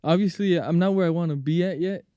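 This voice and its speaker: A man's voice: sits high, quick pace, warm tone, smooth, no room sound, muffled recording. A young man talking casually as a guest musician on a podcast, laid-back and humble with many fillers.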